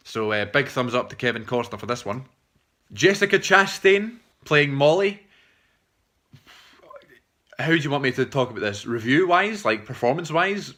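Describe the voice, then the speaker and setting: A young man talks through a film review off the cuff, rambling and swearing as he goes. His voice is bright and forward, and he stops often for fillers and restarts. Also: medium pitch. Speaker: film reviewer, channel host. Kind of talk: casual unscripted film review.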